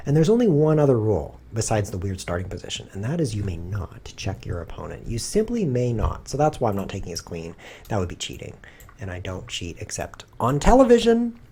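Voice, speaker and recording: A man streaming himself playing chess, thinking aloud and cracking dry, deadpan jokes in low muttered asides. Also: slightly rough.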